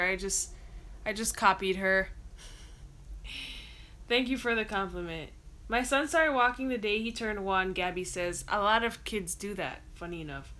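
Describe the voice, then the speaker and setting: A woman's voice: mid-range voice, pushed and bright. A woman hosting a casual livestream, lying down at home, reading viewer comments aloud and answering them in a chatty way. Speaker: livestream host.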